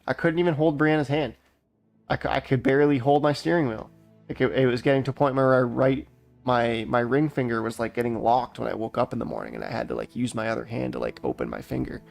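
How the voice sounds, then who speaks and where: A man's voice: medium pitch, vocal fry. A young man from Canada rambling through a profane, heated story while gaming, often restarting his sentences. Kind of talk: casual rant while gaming.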